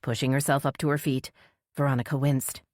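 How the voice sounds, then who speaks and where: A woman narrates a thriller audiobook in a low, grounded voice, recorded dry and close with no room sound. She lifts her pitch to voice the other characters. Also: flat delivery, brisk, a little mellow, no echo.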